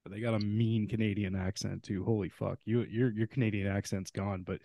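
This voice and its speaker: A man's voice: lowish voice, steady tone, brisk, vocal fry, dark tone, dry recording. A man hosting a podcast, laid-back and swearing casually, laughing often as he chats with his guest. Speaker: podcast host.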